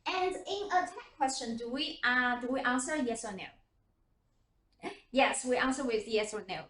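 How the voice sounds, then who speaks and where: A woman's voice: high voice, animated, measured pace, fairly bright tone. A woman English teacher teaching a class. She asks question after question and demonstrates intonation. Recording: echoey room from far off.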